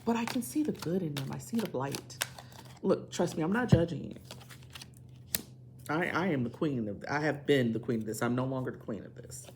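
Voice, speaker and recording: A woman's voice: sits low, animated, normal speed, long pauses, a little mellow, slight background noise. A woman doing a tarot reading, speaking emphatically and repeating phrases to drive her points home. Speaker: tarot reader.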